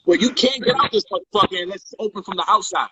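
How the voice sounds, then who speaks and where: A man casually telling a personal story on a livestream, animated and profane, loudly acting out heated quotes. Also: sits high, quick pace, husky, no echo, lo-fi sound. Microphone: phone or livestream mic.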